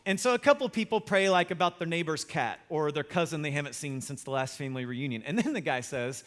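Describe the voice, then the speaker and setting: A man preaching a sermon as pastor, telling a funny story in a lively, self-mocking way. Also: on the high side, quick pace, hardly any pauses.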